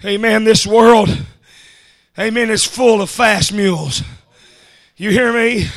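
A man preaching a revival sermon, shouting his lines and punctuating them with "huh?" and "amen". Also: high voice, fairly even intonation, slow. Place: church service.

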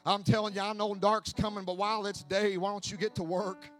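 A man preaching a sermon who swings between hushed asides and shouted, sing-song preaching cadence. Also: high voice, flat delivery, brisk. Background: faint music from an accompanist.

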